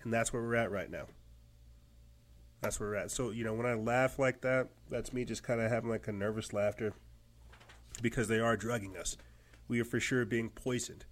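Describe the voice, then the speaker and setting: A man talking on his own show in a loose, rambling monologue. He gets emphatic, slips into mocking voices when he quotes people and laughs at his own impressions. His voice sits at an ordinary middle pitch. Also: fairly even intonation, normal speed, long pauses. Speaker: podcast host. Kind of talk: casual monologue.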